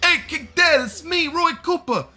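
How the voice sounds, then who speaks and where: A man's voice: very high voice, lively intonation, measured pace, pitched above the performer's own voice, full character voice. A man voicing a brash young male reptile henchman from a cartoon. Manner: brash, yelling.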